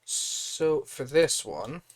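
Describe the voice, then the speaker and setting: Young guy, laid-back live-stream builder, chatty and unhurried, talks to himself as he works. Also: a little high. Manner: relaxed, thinking aloud with fillers.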